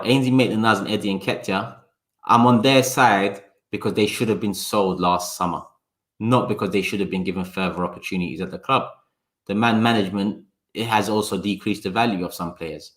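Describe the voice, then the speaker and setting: A man's voice: on the low side, steady tone, a bit bright. A man, hosting a casual live-stream chat, talking to viewers by name and slipping into sarcasm and swearing. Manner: sarcastic, talks fast in bursts. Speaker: livestream host.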